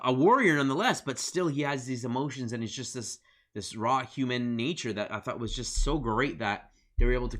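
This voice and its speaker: A man co-hosting a review podcast in a casual chat, excitedly retelling scenes and acting out quotes, full of fillers. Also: mid-range voice. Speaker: podcast co-host.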